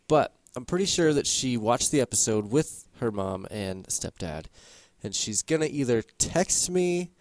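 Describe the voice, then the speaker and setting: Lively-voiced man podcast host. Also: mid-range voice, dry recording. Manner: animated, quick to laugh. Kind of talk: casual chat.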